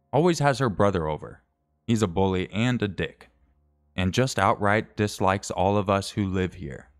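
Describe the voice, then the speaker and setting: A man streaming, reading a scary story aloud in a casual way, correcting his slips and adding wry asides. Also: low-pitched.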